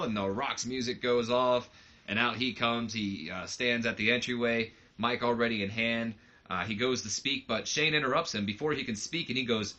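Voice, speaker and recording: Casual male let's-play host, rambling and self-deprecating, bright tone, lo-fi mic. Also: mid-range voice, steady tone, moderate pace. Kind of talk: casual game commentary.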